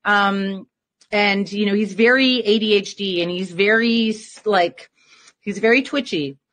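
A woman's voice: mid-range voice, fairly even intonation, unhurried, fairly bright tone. A woman telling a story as an interview guest in a casual, rambling way, full of fillers.

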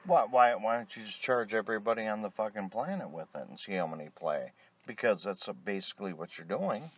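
A man's voice: lowish voice, animated, fairly quick, slight background noise. A middle-aged man delivering an angry, profane rant, blunt and tired. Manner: angry, blunt, heavy swearing.

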